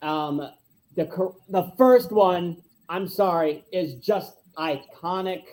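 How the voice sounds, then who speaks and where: A young man hosting a casual podcast, animated and quick to laugh while retelling favorite moments. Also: high-pitched, poor audio. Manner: animated, laughs easily, acts out quotes. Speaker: podcast host. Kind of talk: casual chat.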